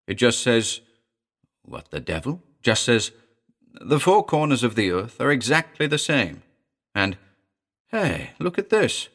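A man's voice: mid-range voice, big pitch swings, measured pace, long pauses, fairly bright tone, voice pushed up, heavily acted. A man voicing an uneasy, bewildered male passerby reading a strange note aloud. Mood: puzzled. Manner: hesitant, bewildered.

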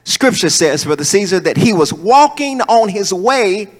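High, lively preacher in echoing hall. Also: male voice, unhurried. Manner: swings between soaring shouts and low asides. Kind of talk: sermon. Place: church hall. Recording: long hall reverb.

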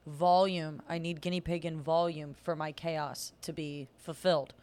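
A woman's voice: deep voice, level tone, moderate pace, a little mellow, slight background noise. A woman with an American accent co-hosting a podcast, talking emphatically and rambling through restarts in casual chat. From United States. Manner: emphatic, chaotic, hesitant restarts. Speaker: podcast co-host.

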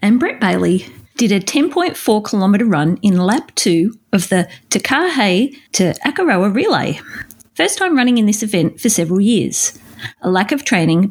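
A woman's voice: medium pitch, sing-song, moderate pace, darkish tone. A woman co-hosting a podcast, reading out listener messages with playful, teasing remarks. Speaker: podcast co-host.

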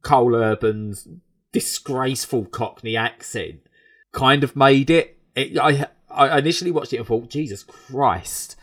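A man from England reviewing a TV show in casual, animated chat, rambling with frequent restarts. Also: medium pitch, measured pace.

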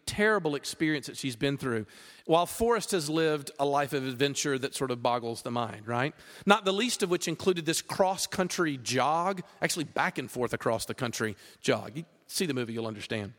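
Animated preacher in a hall. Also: male voice, fairly high pitch. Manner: conversational, animated preaching with many fillers. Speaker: pastor. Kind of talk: sermon. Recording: long reverb of a large hall.

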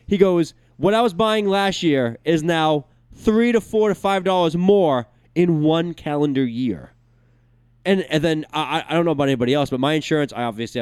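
A man co-hosting a casual talk show, telling stories in a rambling, animated way with lots of restarts. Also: fairly high pitch, clear, resonant tone, no room sound. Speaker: podcast co-host.

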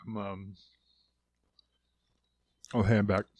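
A man rambling loudly on a casual podcast, swearing as he goes. His voice sits on the low side. The sound is dry and close. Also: little pitch movement, slow pace, no room sound. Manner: loud, profane, rambling. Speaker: podcast guest. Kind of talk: casual monologue.

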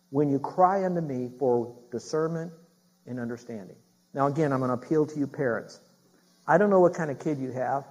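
A man's voice: on the high side, moderate pace, darkish tone, low-quality recording. A middle-aged man preaching a sermon as a pastor. He speaks emphatically, repeats his key phrases and puts questions straight to the congregation.

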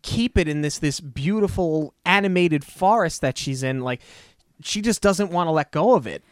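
A man casually discussing a movie as a podcast co-host, chatty and animated with frequent fillers. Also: a little high, normal speed, smooth, no room sound, studio quality.

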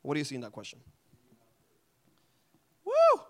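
A man leading a group Bible study in a casual, animated way, often asking the group questions. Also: a little high, normal speed.

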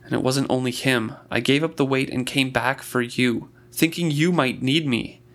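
A man reading aloud voices an earnest young man who pleads in halting, restarting phrases. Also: medium pitch, a bit bright, close to an everyday voice. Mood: pleading.

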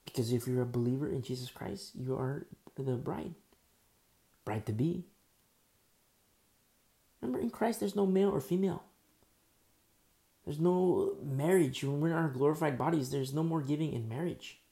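A man delivers a church sermon with a rough, gravelly edge to his voice. His tone sits warm and dark, and he preaches in an animated way, slipping into the voices of people in the story. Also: on the high side, moderate pace, pauses often. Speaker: pastor.

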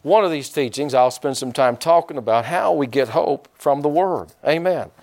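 A man's voice: a little high, moderate pace, a little mellow. A male pastor preaching a sermon, asking the congregation questions and drawing responses. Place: church sanctuary.

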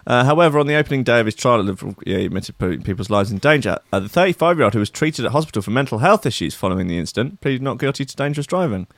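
A man's voice: medium pitch, lively intonation, racing, gravelly, hardly any pauses, dry recording, clean studio sound. A man co-hosting a casual comedy chat, reading news stories aloud and breaking off into joking asides.

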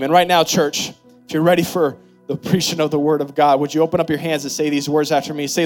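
A man in his thirties preaching a sermon as pastor, leading prayer and telling stories in an animated, expressive way. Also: fast talker, soft background music. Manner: animated storytelling with big pitch swings and laughter; leads congregation in prayer and call-and-response.

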